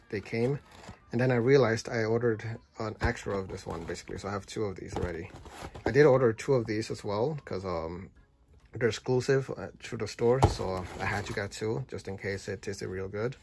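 A man's voice: mid-range voice, a little mellow, slight background noise. Rambling man telling a story. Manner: rambling, full of fillers and restarts. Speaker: food reviewer.

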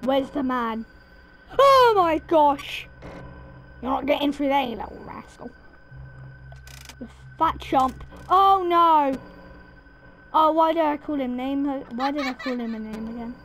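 A woman giving let's play commentary on a horror game, panicky and excitable, jumping between anxious mutters and shrieks. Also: high voice, normal speed, slight background noise. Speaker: gaming video creator.

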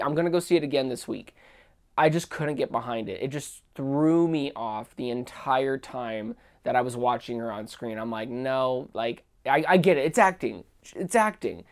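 A young man giving a casual, opinionated spoken film review, enthusiastic and often restarting his sentences. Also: on the high side. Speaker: movie reviewer.

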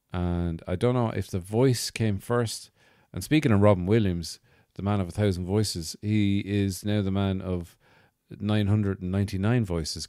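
A man's voice: sits low, dark tone, no echo, studio quality. A man hosting a podcast, telling a comic story in a wry, rambling, self-mocking way. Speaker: podcast host. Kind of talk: comic monologue.

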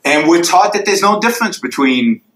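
High, bright-voiced man lecturing emphatically. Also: expressive, normal speed, roomy sound, rough recording. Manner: emphatic, drawing graphs in the air for the audience. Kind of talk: lecture Q&A answer. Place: university lecture hall.

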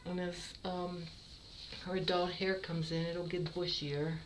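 Slow-talking woman cat breeder. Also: lowish voice, little pitch movement, slight background noise, poor audio. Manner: warm, fond, unhurried. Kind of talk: casual kitten showcase.

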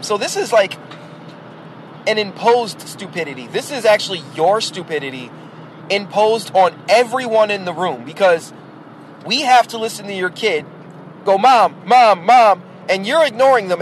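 A man's voice: high-pitched, a little hiss or hum, poor audio. A man hosting a podcast, talking bluntly and at length about raising kids in a casual, opinionated monologue. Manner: rhetorical, addresses the listener directly. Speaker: podcast host; parent.

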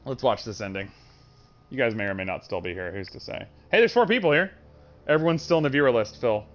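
A man streaming a game live, chatting in an animated, joking and profane way. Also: mid-range voice, fast. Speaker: gaming streamer. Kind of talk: casual live-stream commentary.

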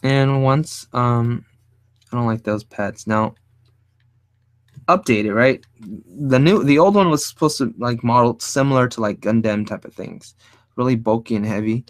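A man teaching design while he draws, thinking aloud in a casual, rambling way, often hunting for the right word and sometimes speaking low. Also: a little slow, dry recording. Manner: speaks fairly low and quiet at times. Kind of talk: casual drawing tutorial talk.

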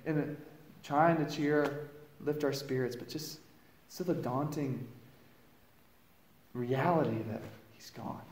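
A man preaching a dramatic first-person monologue, storytelling and swinging from hushed lows to loud exclamations, recorded in a church. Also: slight background noise. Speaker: pastor. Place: church sanctuary. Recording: roomy echo.

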